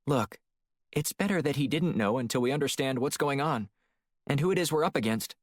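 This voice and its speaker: A man's voice: medium pitch, animated, a little fast, no room sound, clean studio sound, voice pushed up, close to an everyday voice. Cautious woman handler, voiced by a man. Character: female intelligence handler, steady, cautious.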